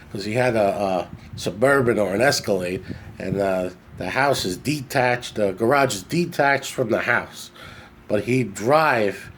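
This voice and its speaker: A man talks straight into a phone camera in a casual, rambling way. He corrects himself often and keeps the chat loose. His pitch sits in a middle range for a man, and a faint hiss runs behind him. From New York. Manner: rambling, chatty, self-correcting. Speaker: podcast host. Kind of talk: casual storytelling monologue.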